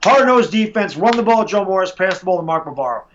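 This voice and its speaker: High-voiced man, animated, venting about football, lo-fi sound. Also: fast, slight background noise. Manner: frustrated, animated, acts out fans and coaches. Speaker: sports podcast host. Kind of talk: casual sports chat. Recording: dull lo-fi audio.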